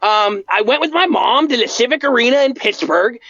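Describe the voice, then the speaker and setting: A giddy, gushing man in his thirties who gets louder the more excited he gets, as a man puts him on. His voice is high and bounces around a lot. The recording sounds dull and lo-fi. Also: brisk, no echo, exaggerated voice. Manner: eager, gushing, shouts when excited. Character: eager excitable 36-year-old man Bart.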